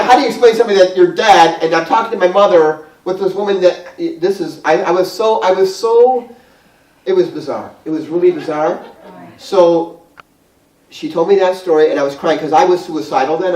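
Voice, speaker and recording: A man with a New York accent telling a long, animated story to a small group, rambling with restarts and laughter. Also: on the high side. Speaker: guest speaker. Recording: roomy hall, mic far off.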